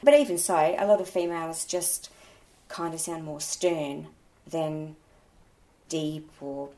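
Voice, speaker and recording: A woman, an audiobook reviewer and blogger, chatting in an opinionated, animated way during an interview. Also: sits low, takes it slowly. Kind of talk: casual interview chat.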